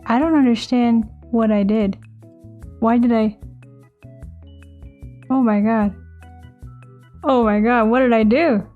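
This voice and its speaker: A woman's voice: on the high side, fairly even intonation, slow pace, pauses often, narrow, tinny audio, faint music behind. A young American woman chatting casually with her live-stream viewers, bubbly and self-mocking. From United States.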